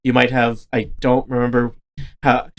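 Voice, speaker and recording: A man's voice: medium pitch, monotone, normal speed. A man running a tabletop game as game master, rambling with joking, self-deprecating asides.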